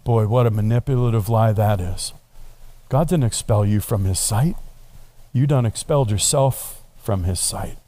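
A middle-aged male pastor preaching a sermon, telling the story in an animated way and slipping in playful asides. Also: fairly low pitch, moderate pace.

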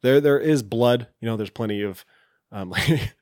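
A man's voice: medium pitch, moderate pace, darkish tone, no echo. A man with an ordinary mid-range voice talks about a film in easygoing podcast chat. He retells scenes and slips into the characters' lines as he goes. The sound is dry and close. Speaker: podcast co-host.

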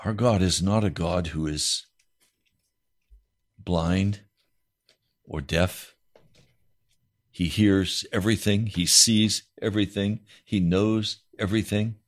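A man preaching a sermon as a pastor, voice rising into high, pleading questions. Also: steady tone, slow, pauses often.

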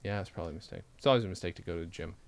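A man's voice: low voice, rapid-fire, vocal fry, a little hiss or hum. A man co-hosting a podcast in casual chat, playful and laughing often. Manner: playful, laughs often, slips into silly impression voices. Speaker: podcast co-host.

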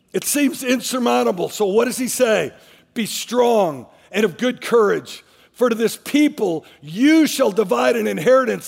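A man's voice: very high-pitched, vocal fry, husky, long reverb tail. A man preaching a sermon as a pastor, emphatic, repeating his phrases as he drives each point home.

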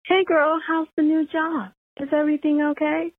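A woman's voice: flat delivery, moderate pace, no echo, natural voice. A New York woman putting on a chirpy, oblivious sister-in-law over a tinny phone. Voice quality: high chirpy sing-song.

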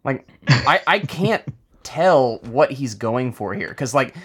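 A man's voice: mid-range voice, slow pace, breathy edge. A man co-hosting a podcast, joking about a movie and laughing as he talks. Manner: animated, laughs mid-sentence. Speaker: podcast co-host. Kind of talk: casual movie-review chat.

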